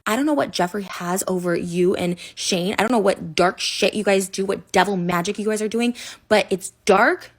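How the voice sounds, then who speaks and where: A woman in her thirties, upset, venting in a personal rant full of "like" and restarts. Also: mid-range voice. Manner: upset, rapid and repetitive, many "like"s and restarts. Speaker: online personality. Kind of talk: emotional personal rant to camera.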